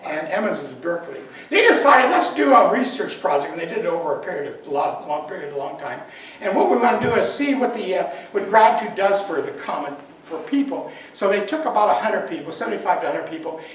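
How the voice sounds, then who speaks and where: A male minister telling a story in his talk, animated and full of fillers, at a spiritual center. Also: sits high. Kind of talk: sermon storytelling. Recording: echoey hall, far from the mic, faint noise.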